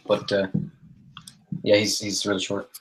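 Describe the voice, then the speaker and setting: A man's voice: on the low side, completely flat delivery, measured pace, rough recording. A man co-hosting a casual podcast over an online call, laid-back and mumbling. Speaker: podcast co-host. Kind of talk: casual group chat.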